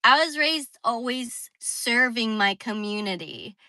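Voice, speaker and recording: A young woman with a squeaky voice chatting casually on a phone livestream, saying "like" often. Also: slow, bright, forceful tone, no room sound, poor audio. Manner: chatty, heavy use of "like", reads viewer comments.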